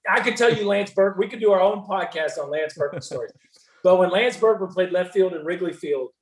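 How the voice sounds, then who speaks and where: A man guesting on a podcast, telling animated stories as a former ballplayer turned commentator. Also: high-pitched, a little fast. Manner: animated, acts out hecklers' shouting in stories. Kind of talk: casual storytelling. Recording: roomy and distant from the mic.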